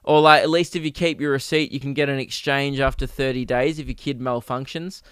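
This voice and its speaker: A man's voice: medium pitch, steady tone, fairly quick, a bit bright, smooth, dry recording, studio quality. A young man hosting a comedy podcast, riffing crudely and acting out silly bits. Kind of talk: rambling comic monologue.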